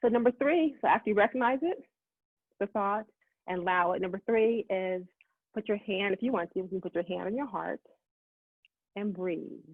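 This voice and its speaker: Woman, middle-aged, motivational speaker, fast-talking, husky, dry phone-like sound. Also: medium pitch, dry recording. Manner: fast-talking, animated self-talk quotes. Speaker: summit speaker. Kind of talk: motivational talk. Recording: tinny phone-like line, dry.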